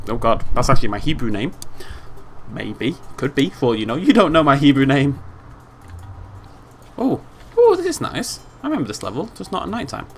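A British man giving playful, excitable commentary on a game he is playing, humming tunes and yelping with glee. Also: medium pitch. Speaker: gameplay commentator. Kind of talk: casual let's-play commentary. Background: game music.

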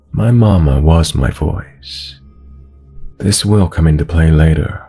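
A man narrating true horror stories in an extremely deep, husky voice. His reading is slow, measured and low-key. Faint music plays beneath him. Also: a little mellow. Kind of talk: scripted horror story narration. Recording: narration over background music.

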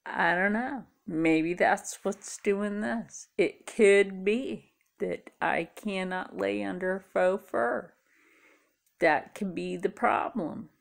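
A woman's voice: mid-range voice, slow, vocal fry. A tired middle-aged woman chatting casually to camera, rambling and musing aloud. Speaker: vlogger. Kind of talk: casual chat.

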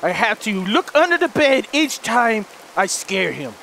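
A man hosting a horror let's play, frantic and jumpy, shouting and pleading, then muttering low to himself. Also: big pitch swings, unhurried, gravelly, a little hiss or hum. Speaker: gaming channel host.

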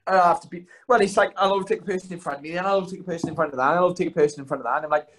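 A man's voice: fairly high pitch, fairly even intonation, very fast, a bit bright. A young man, chatting as a podcast guest, telling rambling, self-mocking stories full of swearing. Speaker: guest, fighter. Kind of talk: casual podcast chat.

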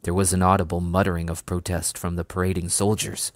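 A man reading a novel aloud in a measured, even way. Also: deep voice, no room sound, clean studio sound. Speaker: storybook reader.

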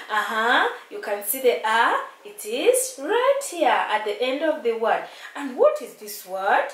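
A woman's voice: a little high, big pitch swings, a little slow, fairly bright tone, roomy sound, far from the mic. A woman teaching phonics to young children, drawing out letter sounds and coaxing them with questions.

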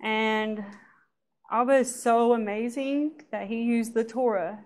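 Lively woman telling her testimony. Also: fairly high pitch, slow. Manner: lively, laughs often, acts out quoted people. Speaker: church speaker giving a personal testimony. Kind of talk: personal testimony storytelling.

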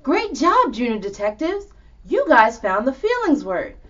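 A woman presents a children's show in an encouraging, upbeat way. Her voice is lively and fairly high, and the sound is dull and lo-fi. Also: unhurried. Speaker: host.

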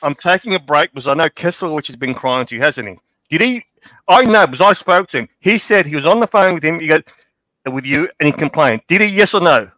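A brash man needles the host on a livestream panel, firing off quick questions. He talks fast with a lively, fairly high voice, and the call sound is dry. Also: no room sound. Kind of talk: casual livestream chat.

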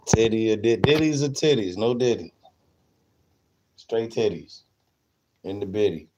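A man's voice: lowish voice, animated, moderate pace, warm tone, slight background noise, rough recording. A man livestreaming, rambling crudely and repeating himself while he talks straight to his chat. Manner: profane, repetitive, talks to chat. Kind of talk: crude rambling stream rant.

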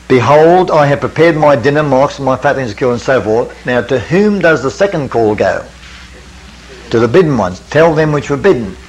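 An older male preacher taking a camp meeting through a parable, step by step. He talks in a measured, teacherly way, asks his listeners questions, and reads the old scripture wording with care. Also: mid-range voice, husky, poor audio. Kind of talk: Bible study lecture.

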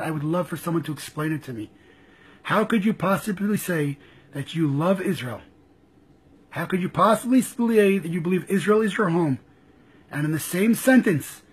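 A man's voice: high-pitched, breathy edge. A man giving impassioned, frustrated live commentary, firing off rhetorical questions and repeating himself. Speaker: political commentator.

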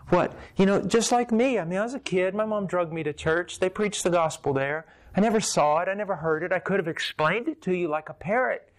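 A man preaching a sermon, telling a personal story with animated, passionate delivery that swells in intensity. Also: high voice, fairly quick, hardly any pauses.

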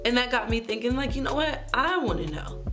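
A young woman vlogger tells a story in casual storytime style, sassy and animated, addressing her viewers directly. Her voice is on the high side and a little fast, with music underneath.

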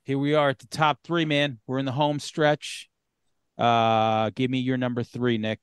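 A man's voice: mid-range voice, level tone, unhurried, clear, resonant tone, dry recording, clean studio sound. A man hosting a podcast, chatting loosely with plenty of fillers and the odd curse. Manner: loose and profane, many fillers. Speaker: podcast host. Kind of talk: casual chat.

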